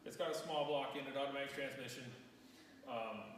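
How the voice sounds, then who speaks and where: A man speaks from a distance in a reverberant shop, his voice roomy with a long echo tail and a faint hiss underneath. He talks in a casual, halting, emotional way, as a guest in an interview. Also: mid-range voice, fairly bright tone. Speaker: interview guest, truck owner. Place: his own shop, indoors.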